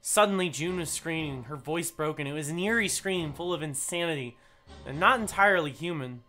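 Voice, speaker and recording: Bright-voiced woman narrating a game. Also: low voice, faint music behind. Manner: steady, deliberate reading. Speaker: streamer voicing a game. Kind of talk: narrating a visual novel game.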